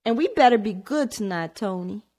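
A woman voicing a young girl, an anxious, tearful little sister with high, trembling speech. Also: lively intonation, moderate pace, a little mellow, lightly acted. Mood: worried. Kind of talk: audiobook character voice.

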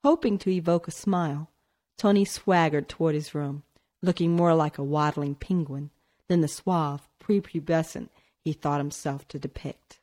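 A woman narrating a novel in a measured storytelling manner. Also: deep voice, steady tone, dark tone. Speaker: audiobook narrator. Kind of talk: scripted narration.

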